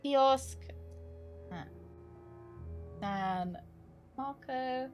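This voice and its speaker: A woman's voice: high-pitched, drawn-out words, darkish tone, soft background music. Woman streamer thinking aloud. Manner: thinks aloud, repeats herself, swears casually. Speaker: game streamer. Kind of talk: casual live-stream commentary.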